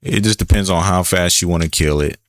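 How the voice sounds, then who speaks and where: A man's voice: low voice, a little fast, dry recording. A man casually chatting while he streams a shooter game, laid-back and talkative, greeting viewers in chat. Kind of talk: casual gameplay commentary.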